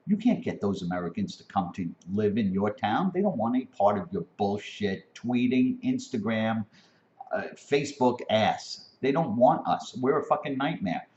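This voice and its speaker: A man delivering an impassioned, profane spoken rant that keeps climbing to near-shouting. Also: on the low side, expressive, moderate pace. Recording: dull lo-fi recording.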